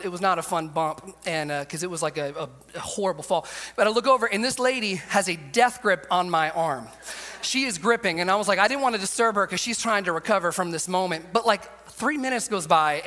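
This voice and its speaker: A man preaching a sermon, telling a funny personal story in an animated way, acting out quotes and laughing often. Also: sits high, slight background noise. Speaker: pastor. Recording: long hall reverb.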